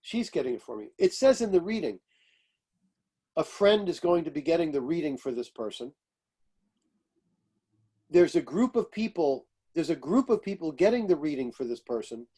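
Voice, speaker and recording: Older male astrologer spinning animated anecdotes, mimics voices, laughs often. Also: on the high side, normal speed, long pauses, breathy edge. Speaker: astrologer and author. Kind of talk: storytelling interview.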